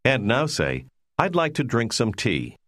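A man giving scripted instructions in a language course, prompting the listener in a clear, measured way. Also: mid-range voice, huge pitch swings, fairly bright tone, no echo, clean studio sound.

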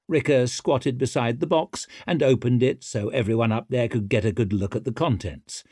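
A man narrating an audiobook in a wry, expressive storytelling manner. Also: mid-range voice, normal speed, few pauses, dry recording, clean studio sound.

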